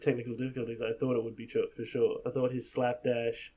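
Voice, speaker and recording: A man's voice: mid-range voice, flat delivery, fast, mellow. A man co-hosting a casual podcast, blunt and sarcastic, swearing freely. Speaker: podcast co-host. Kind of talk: casual chat.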